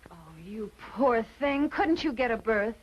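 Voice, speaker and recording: An actress playing a sweet, soft-spoken young wife who is troubled, in 1940s film acting. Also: female voice, a little high, expressive, a little slow, dull audio. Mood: affectionate.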